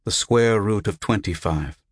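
Unseen clinical voice, toneless and measured, slow and dry, read by a male narrator. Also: fairly low pitch, no echo, pitched above the performer's own voice. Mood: flat. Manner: flat, without intonation. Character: flat, toneless recorded voice of an unseen doctor. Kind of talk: audiobook character voice.

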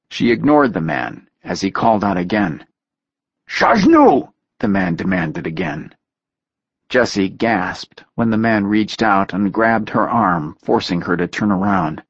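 Man, audiobook narrator, low husky voice, dry close sound, muffled audio. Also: dry recording.

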